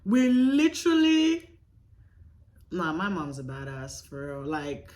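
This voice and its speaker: A woman's voice: sits low, measured pace. A young woman vlogger telling a dramatic personal story in a casual, emphatic way, swearing freely. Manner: animated, profane, emphatic retelling.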